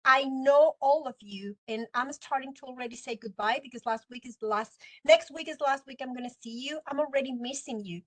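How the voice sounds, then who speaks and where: A woman's voice: high voice, a little fast, hardly any pauses, low-quality recording. A woman teaching a university class, giving a heartfelt farewell talk to her students, close to tears. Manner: heartfelt, near tears, warm and encouraging.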